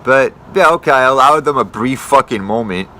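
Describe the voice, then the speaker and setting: Young male tree climber ranting to camera: bright, forceful voice, profane and rambling, faint street noise behind. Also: mid-range voice, moderate pace. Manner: profane, swears constantly; rambling, self-correcting. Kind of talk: casual rant to camera.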